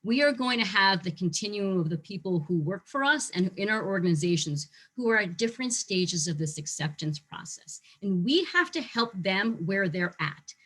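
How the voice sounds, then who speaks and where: A woman teaching a short online lesson on facility management, talking lively and acting out how staff react to change. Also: medium pitch, normal speed, hardly any pauses, breathy edge. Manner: lively, acts out staff reactions in quoted voices.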